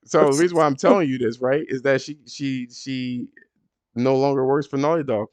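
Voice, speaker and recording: A man hosting a casual podcast, telling stories in an animated, profane way and jumping high when he quotes people. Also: moderate pace, a crowd in the background. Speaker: podcast host.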